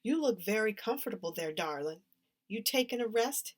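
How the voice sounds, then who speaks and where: A woman voicing an adult crossing guard who talks in a dry, brisk way. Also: medium pitch, lively intonation, close to an everyday voice.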